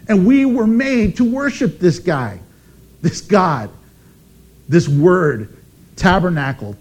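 A man preaching a sermon as pastor, emphatic and animated, with dramatic pauses. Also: high voice, husky.

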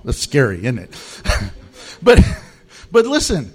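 A man's voice: mid-range voice, huge pitch swings, slow pace, slightly rough. An American male pastor preaching a humorous sermon, telling stories with animation and laughing at his own jokes. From United States.

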